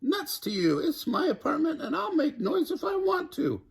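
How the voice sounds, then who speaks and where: A giggly, taunting little bird girl, put on by a man reading aloud squeals in a breathy falsetto that leaps all over. She sounds spoiled and gleeful in this storybook reading. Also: wildly swooping pitch, a little slow, exaggerated voice. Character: bratty mischievous female bird, giggly, taunting.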